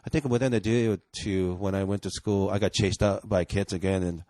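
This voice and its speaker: A man's voice: deep voice, fairly even intonation, fairly quick, dark tone, dry recording. A man from Japan, a guest comedian talking bluntly and earnestly in a casual podcast chat, swearing freely.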